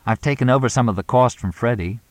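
A man voicing a glamorous female film star, brisk and put-upon. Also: mid-range voice, no echo, voice pushed up, close to an everyday voice. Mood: distressed.

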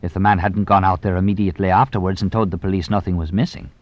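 A man's voice: sits low, flat delivery, fast, dry recording, muffled recording, lightly acted. A man voicing a shrewd, teasing police inspector who probes with dry, mock-innocent questions. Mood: sly.

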